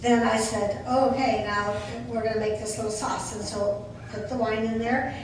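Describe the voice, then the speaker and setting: Older woman, eulogy speaker, slightly high voice, distant mic in a big echoing hall with noise. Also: little pitch movement, normal speed. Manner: warm storytelling with fond laughs. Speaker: memorial speaker. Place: memorial service hall. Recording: echoey hall from far off, noisy.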